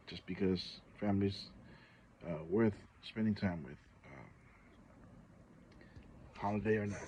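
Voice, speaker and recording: With a fairly low pitch on a lo-fi recording with slight background noise, this channel host from Samoa, an adult and a parent, talks conversationally to his viewers. Indignant and exasperated, he recounts a story in a casual vlog, often restarting and using fillers.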